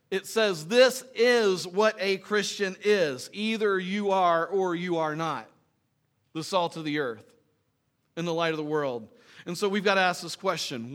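A man's voice: fairly high pitch, fairly bright tone. A man preaching a sermon to his congregation in a conversational way, reading scripture and asking rhetorical questions. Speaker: pastor.

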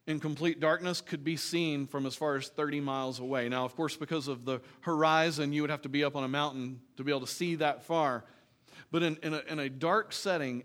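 A man pastor preaching a sermon in a church, earnest and emphatic, dropping into quiet, joking asides. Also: fairly high pitch.

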